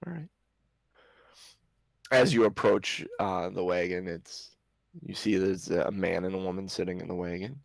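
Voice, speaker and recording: A man's voice: sits low, normal speed, creaky, pauses often, dry recording, low-quality recording. A man narrating as game master for a tabletop game, hesitant with many restarts. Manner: hesitant, lots of restarts and ums.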